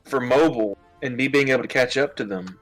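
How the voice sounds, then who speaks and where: A man's voice: mid-range voice, quick pace, over music, poor audio. A man playing a tabletop game, talking through his moves in a plainspoken way. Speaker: player. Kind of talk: casual game chat.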